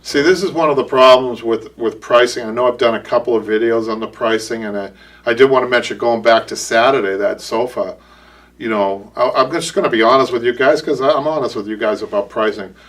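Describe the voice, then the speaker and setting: A man with a Boston accent hosts a live upholstery show as the shop's owner, chatting casually and rambling with repeated words and restarts. His medium-pitched voice is a bit bright and a little fast, recorded from a distance.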